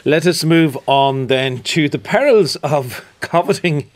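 A man hosting a radio film review, chatty and quick to laugh as he introduces clips. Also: on the high side, expressive, a little hiss or hum. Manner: chatty, laughs often, some restarts. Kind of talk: casual film review chat.

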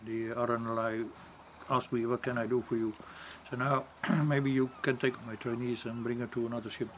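Dutch sea captain, halting English. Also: male voice, mid-range voice, flat delivery, a bit bright, slight background noise. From Netherlands. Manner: halting non-native English, searching for words. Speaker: ship captain. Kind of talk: interview recollection.

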